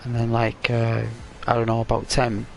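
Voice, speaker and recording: A man casually telling a rambling, halting story while commenting on a video game. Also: mid-range voice, gravelly, slight background noise. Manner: rambling, halting, excitable when retelling. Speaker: gaming commentator. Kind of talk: casual storytelling over gameplay.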